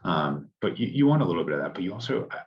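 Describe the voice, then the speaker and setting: A man talking reflectively in a casual podcast conversation, a father thinking out loud with restarts. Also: low voice, big pitch swings, rapid-fire, dull audio.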